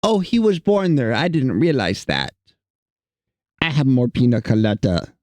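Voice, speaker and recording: A man's voice: mid-range voice, very animated, unhurried, a little mellow, no room sound. A man streaming casually, chatting with his chat in a playful, teasing way. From United States.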